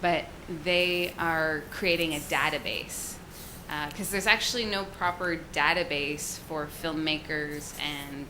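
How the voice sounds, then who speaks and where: A woman with a low voice talks her way through her ideas, circling with fillers and restarts. The recording is noisy, with steady background sound. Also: slow pace. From Canada. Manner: rambling, searching for words with many fillers. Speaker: meeting participant. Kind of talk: casual group discussion.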